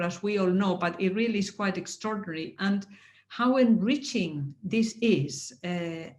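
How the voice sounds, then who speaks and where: Woman, heartfelt closing remarks, halting restarts, emotional, roomy echo. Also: mid-range voice. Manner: earnest, halting, with many restarts; emotional, laughing softly. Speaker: speaker at a network anniversary.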